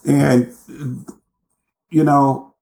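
Male guest, intense deliberate storyteller, mid-pitched, recorded in an echoey room. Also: level tone, gravelly, darkish tone. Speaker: podcast guest. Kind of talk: storytelling in an interview. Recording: roomy echo.

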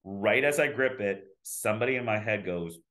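A dentist in his fifties chatting casually as a guest, telling lively stories and acting out the voices he quotes. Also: fairly low pitch, normal speed. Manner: animated storyteller who acts out quoted voices. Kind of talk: casual podcast conversation.

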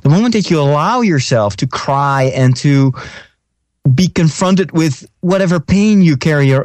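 A man's voice: high-pitched, darkish tone, dry recording. A man co-hosting a podcast, speaking reflectively and hesitantly, with stammers. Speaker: podcast co-host. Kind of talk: casual podcast chat.

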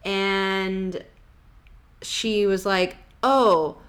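A woman's voice: lowish voice, normal speed, a bit bright. A woman hosting a podcast, telling travel stories in a rambling, casual way, full of fillers. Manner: rambling, full of "like" and "you know". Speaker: podcast host.

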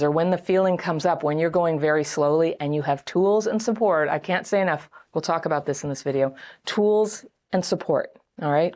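A middle-aged woman with a lowish, slightly mellow voice hosts a self-help video, giving casual advice to camera. She acts out quoted voices and laughs often.

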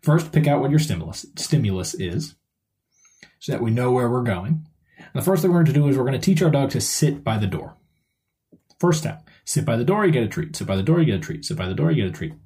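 Mellow-voiced man hosting a podcast. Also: mid-range voice, animated, fast talker. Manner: conversational, explains step by step. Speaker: dog trainer and podcast host. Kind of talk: solo podcast explainer.

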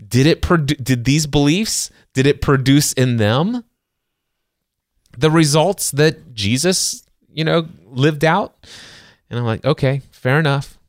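A man's voice: fairly high pitch, expressive, slow, no echo, studio quality. A middle-aged man co-hosting a casual book-discussion podcast, talking earnestly about faith and acting out his inner dialogue with emphasis. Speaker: podcast co-host.

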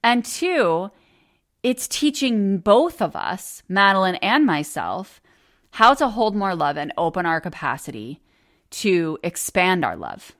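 A woman in her forties tells a family story on her own podcast, casual and candid, with plenty of swearing and easy laughter. Her voice sits a little low for a woman. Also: big pitch swings, slow pace, fairly bright tone. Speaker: podcast host.

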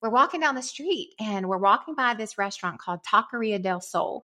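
A middle-aged woman tells a personal story as a podcast guest. She acts out the voices of the people in it, and her tone is bright and forceful. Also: medium pitch, a little fast. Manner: lively storyteller, acts out quoted dialogue. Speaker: guest, company co-founder. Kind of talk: storytelling interview.

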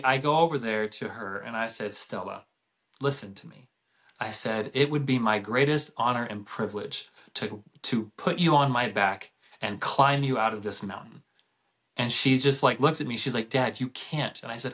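A man's voice: mid-range voice, moderate pace, fairly bright tone. A middle-aged man, a podcast guest, telling a family story in a casual, rambling way with many restarts.

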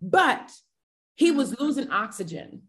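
A woman's voice: fairly high pitch, unhurried. A woman, a podcast guest, telling a personal family story with feeling and acting out the dialogue. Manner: emotional, animated retelling with quoted dialogue.

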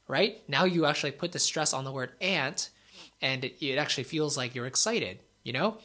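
A young man with a bright, forward tone talks through speaking tips in a loose, conversational way. He leans on fillers and keeps checking in with "right?", sounding easygoing rather than polished. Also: mid-range voice, a little fast. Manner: relaxed, filler-heavy, frequent "right?". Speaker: YouTuber giving speaking tips. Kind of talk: casual talking-head advice.

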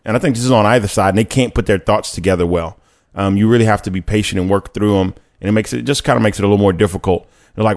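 A man's voice: mid-range voice, darkish tone. A young man hosting a casual talk about dating and faith, chatty and joking, often correcting himself mid-sentence and acting out quotes. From Louisiana, United States. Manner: chatty and self-correcting, jokes and acts out quotes. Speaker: host.

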